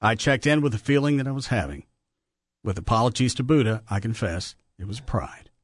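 A man's voice: medium pitch, a little fast, no echo. A man hosting a radio show, telling stories in casual studio banter and laughing often. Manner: animated, laughing storyteller.

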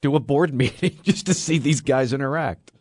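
A man co-hosting a radio show from the studio, trading wry quick banter in casual chat. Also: medium pitch, darkish tone, no room sound. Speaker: radio co-host.

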